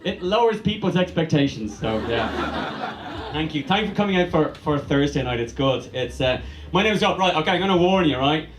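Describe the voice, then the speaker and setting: A man's voice: on the high side, animated, normal speed, reverberant, noisy background. A man with an Irish accent doing a stand-up comedy set, rambling, swearing freely and teasing the crowd. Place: comedy bar venue, live audience.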